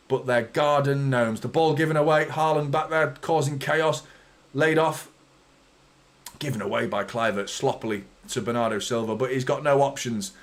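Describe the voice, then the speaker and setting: A man hosting a live football watchalong, commentating and ranting at his team's players with frustrated, sweary exasperation. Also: mid-range voice. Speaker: fan channel host.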